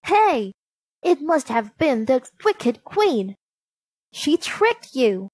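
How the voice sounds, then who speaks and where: A woman's voice: sits high, expressive, slow, darkish tone, no echo, pitched above the performer's own voice, full character voice. Woman doing earnest, protective dwarfs. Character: kindly, worried band of dwarfs.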